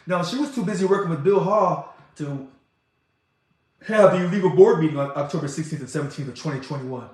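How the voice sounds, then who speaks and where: A man delivers a passionate monologue, his fairly high voice rising fast and loud as he gets worked up. The sound bounces around a very echoey room. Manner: passionate, talks fast and loud when excited. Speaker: organization president. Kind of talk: impassioned monologue.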